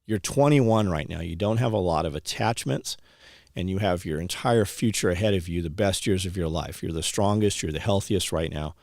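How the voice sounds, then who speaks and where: A man's voice: deep voice, normal speed, gravelly, darkish tone, dry recording, studio quality. A man in his thirties or older from California, a homesteading channel host giving a blunt, plain-spoken motivational talk about owning land. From California, USA. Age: 30s or older.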